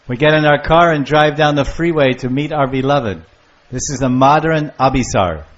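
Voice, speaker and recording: An older man giving a devotional lecture on scripture, storytelling with lively acted-out voices. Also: medium pitch, moderate pace. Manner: animated storyteller, acting out lovers' calls. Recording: muffled lo-fi lecture recording.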